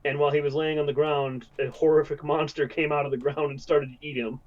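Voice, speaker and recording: A man's voice: a little high, level tone, fast, highs cut off. A man co-hosting a podcast, giving wry, mocking comments about a movie. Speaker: podcast co-host. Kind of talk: casual movie chat.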